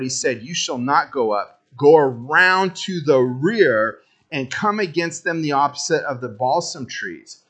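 A man's voice: fairly high pitch, fairly bright tone. A man preaching a sermon as pastor, casual and joking, talking straight to the congregation.

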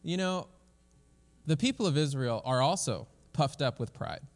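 Male pastor, sermon, casual conversational delivery, restarts phrases, mid-pitched voice, long reverb in a church hall. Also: animated, normal speed. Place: church sanctuary.

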